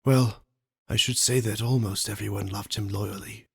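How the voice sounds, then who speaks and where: A man voicing a tender, solemn father rabbit in a storybook, telling an old tale in an earnest, halting way. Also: fairly low pitch, fairly even intonation, creaky, fairly bright tone, husky, heavily acted. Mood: solemn, grieving. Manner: earnest, halting, voice breaking with emotion.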